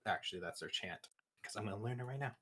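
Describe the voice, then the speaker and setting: Male guest, deep and husky, laid-back stream chatter. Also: lively intonation, fast talker, sharp tone. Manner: laid-back with short reactions. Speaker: friend learning lore on stream. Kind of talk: casual live-stream chat.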